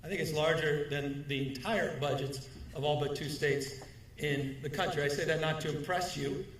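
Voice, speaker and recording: A man's voice: fairly high pitch, fairly even intonation, fairly bright tone, slight background noise. Man giving an emphatic speech in an echoey hall. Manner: emphatic repetition, measured rhetorical delivery. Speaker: governor giving an award speech. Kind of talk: formal speech to an audience. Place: large hall, speaking at a podium. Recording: echoey hall, mic at a distance.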